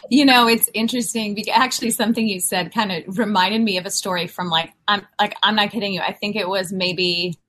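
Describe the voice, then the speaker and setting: A middle-aged woman on a faith talk show, telling a personal story in a relaxed, conversational way. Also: mid-range voice, brisk, hardly any pauses. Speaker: co-host.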